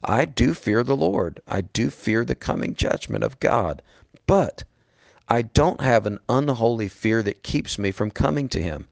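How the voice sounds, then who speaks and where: A man's voice: mid-range voice, sing-song, a little slow, creaky, no room sound. A middle-aged man preaching a sermon in an earnest, emphatic way, calling his listeners "beloved".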